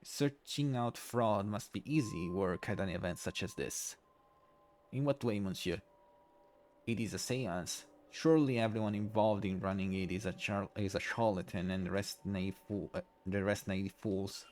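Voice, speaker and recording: A man's voice: fairly low pitch, normal speed, darkish tone, natural voice. A man voicing a wary, curious male Irish investigator, reading game dialogue aloud in plain, direct questions. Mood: questioning.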